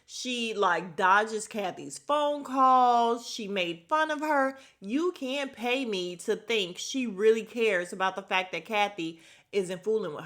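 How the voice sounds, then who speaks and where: Bright, gossipy woman recapping. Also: medium pitch. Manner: animated, gossipy, acts out quotes from the show. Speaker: podcast host recapping a reality show. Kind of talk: casual recap chat.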